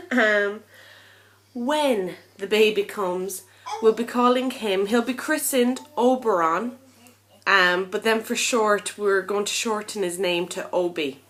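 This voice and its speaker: Talking to camera at an unhurried pace, a young vlogger with a medium-pitched, fairly bright voice comes across tired and a little breathless. Her chat is casual, rambling and candid, filled with ums.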